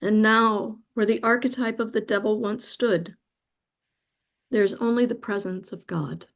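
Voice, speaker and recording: A woman guest reading a spiritual account aloud in a slow, soft, reverent way, moved nearly to tears. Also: medium pitch, fairly even intonation. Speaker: guest speaker.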